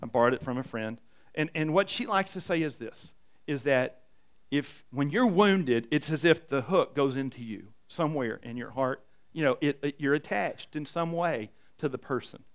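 A man's voice: mid-range voice, moderate pace. A middle-aged man, a pastor, preaching an emphatic, story-driven sermon. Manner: emphatic, animated storytelling with repetition.

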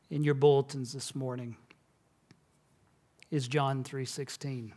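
A male pastor giving a sermon in an earnest, measured way, dropping to a hush at solemn moments. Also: mid-range voice, flat delivery.

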